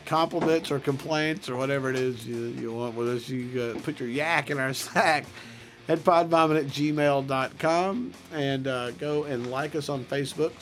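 A man's voice: mid-range voice, normal speed, faint music behind. Profane joking man, podcast co-host. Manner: laughs often, profane and joking. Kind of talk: crude casual banter.

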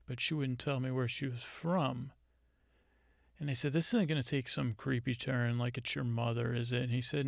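A man hosting a comedy podcast, retelling a conversation in a rambling, deadpan way with many halting restarts. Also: mid-range voice, creaky, no room sound, studio quality.

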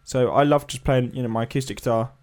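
A co-host on a casual music podcast, a man with a darkish mid-range voice, talks fast and rambles. His chat is full of fillers and hedges.

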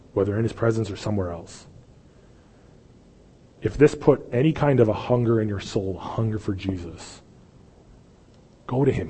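Husky-voiced preacher guy, gets loud then drops real quiet, big reverby church. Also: lowish voice. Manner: impassioned, swings from loud pleading to hushed. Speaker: pastor. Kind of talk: sermon. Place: church sanctuary.

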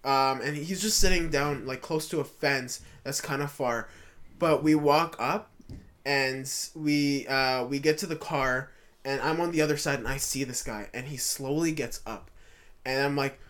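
A man's voice: medium pitch, unhurried, fairly bright tone. A young man hosting a podcast, telling a story in casual chat, rambling with lots of fillers and restarts. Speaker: podcast host.

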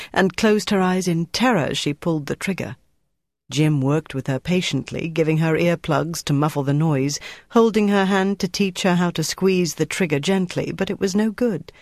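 An audiobook narrator reading a novel in a steady, measured storytelling manner. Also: medium pitch, dry recording, clean studio sound. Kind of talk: scripted narration.

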